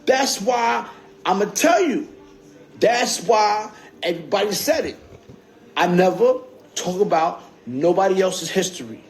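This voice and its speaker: A man's voice: sits high, lively intonation, measured pace. A man talking casually on a livestream in streetwise slang, often tagging on "you heard?". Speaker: livestream host. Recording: phone screen-recorded livestream.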